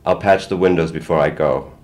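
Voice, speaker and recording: Man doing a firm protective mom, steady and calm, very deep voice, gentle with her kids. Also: a little fast. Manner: firm and steady, soft with the children. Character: firm, protective working mother.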